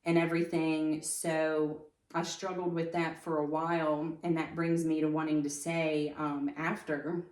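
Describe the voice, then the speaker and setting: A woman telling her personal story as a podcast guest, halting with many fillers and restarts. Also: low voice, level tone, darkish tone, roomy sound, recorded from a distance. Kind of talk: personal testimony in conversation.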